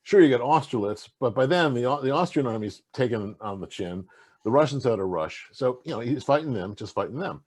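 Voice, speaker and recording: Husky, animated man telling stories. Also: medium pitch, a little fast. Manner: animated, rambling storyteller with many fillers and restarts. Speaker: interview guest, game designer. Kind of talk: casual conversational interview.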